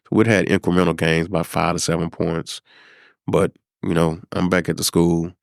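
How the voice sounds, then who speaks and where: A middle-aged man from South Dallas, a podcast guest telling a personal story in an unhurried, reflective way, with many pauses and fillers. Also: low voice, flat delivery, vocal fry, no echo, studio quality. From South Dallas, Texas. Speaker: podcast guest, former high school principal.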